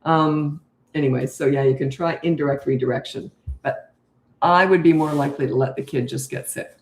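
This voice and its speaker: An older woman who coaches parents answers viewer questions live, speaking low, slow, calm, and unhurried. The room sounds echoey.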